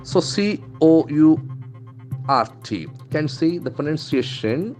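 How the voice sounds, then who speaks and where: A male English trainer, not a native speaker, teaching pronunciation in a lesson, repeating words slowly and stressing their syllables. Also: on the high side, lively intonation, a little mellow, soft background music. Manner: stock phrases "okay, see", "very interesting".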